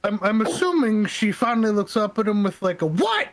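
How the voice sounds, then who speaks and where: A man with a high, lively voice describing his character's moves in a tabletop game. His pitch swings widely as he narrates. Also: fairly quick. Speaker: player.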